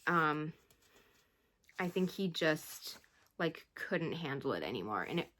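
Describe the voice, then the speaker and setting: A woman talking through a book she has just read, in a low voice and at an unhurried pace. Her retelling rambles and turns emotional, and she sighs along the way. It is the relaxed tone of a casual book review vlog. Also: slight background noise. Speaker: book vlogger.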